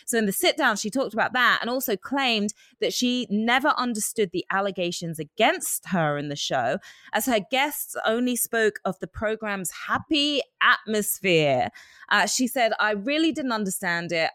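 A woman from England with an English accent that has picked up a slight American twang, co-hosting and chatting casually, quick to laugh. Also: medium pitch, no room sound, clean studio sound. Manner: chatty, laughs often, animated storytelling. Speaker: podcast co-host reading news. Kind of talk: casual chat.

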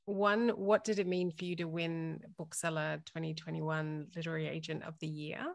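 A woman hosting an interview, asking questions and quietly encouraging her guest. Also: low voice, little pitch movement, normal speed, creaky, no room sound. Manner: quiet, encouraging listener who laughs along. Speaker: podcast host.

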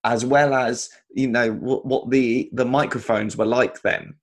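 A man hosting a casual chat, talking quickly and laughing easily. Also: mid-range voice, steady tone. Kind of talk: casual conversation.

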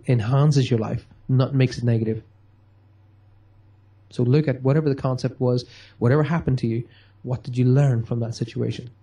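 Guy giving a pep talk on a show, emphatic, dark husky tone. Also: medium pitch. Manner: emphatic, acts out quotes. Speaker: guest speaker. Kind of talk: motivational talk.

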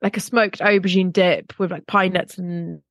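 A woman's voice: on the low side, fairly even intonation, moderate pace, no echo. A woman co-hosting a podcast in casual, rambling chat, poking fun at herself. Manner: chatty, self-mocking, rambling asides. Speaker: podcast co-host.

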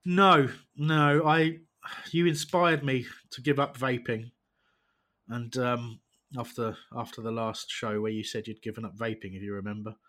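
A man's voice: mid-range voice, steady tone, unhurried, sharp tone. A man hosting a football podcast in casual chat, wry and self-deprecating, irritable from quitting vaping. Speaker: podcast host.

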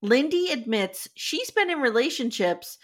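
A woman's voice: high voice, sing-song, measured pace. A woman co-hosting a casual podcast chat, recapping episodes with wry asides, sniffly with a cold. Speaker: podcast co-host.

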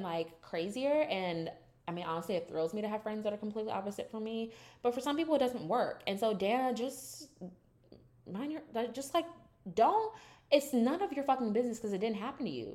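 A woman's voice: fairly low pitch, a little mellow. A young woman casually recapping a reality show, chatty and profane, acting out the cast's quotes.

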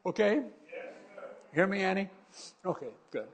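A man's voice: high voice, expressive, measured pace. A man preaching a sermon to his congregation as their pastor, fervent and exhorting, repeating phrases for emphasis. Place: church service before a congregation.

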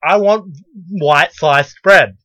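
An insistent, entitled middle-aged woman customer, as a man puts her on, repeating the same demand again and again. The voice is raised higher and has a bright, sharp edge. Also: takes it slowly, no echo. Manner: insistent, repetitive.

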